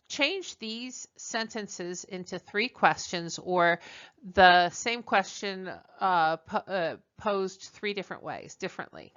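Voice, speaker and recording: Slow, bright-voiced woman teacher. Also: fairly low pitch, expressive, clean tone. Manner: explains step by step, repeating and translating each example. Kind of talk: online language lesson. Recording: dull lo-fi recording.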